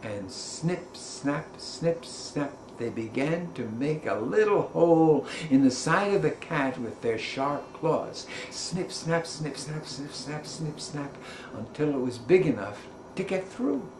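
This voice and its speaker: A man who works as a storyteller, narrating a children's folk tale in a playful, expressive way. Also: on the high side, slow pace, slight background noise. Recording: roomy echo.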